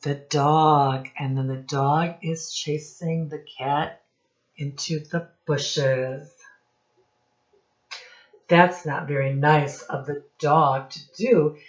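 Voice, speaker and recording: A woman teacher reading a picture book aloud to young children, asking them questions in a slow, sing-song teacherly way. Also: sits low, fairly even intonation, dull audio.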